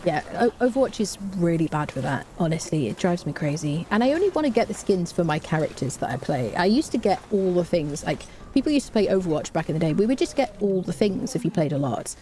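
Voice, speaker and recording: A woman chats her way through a live game stream in a fairly low, warm and mellow voice. She reads out viewer messages and hums to herself while crafting, over a faint background hiss. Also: sing-song, quick pace, few pauses. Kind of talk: casual live-stream gameplay chat.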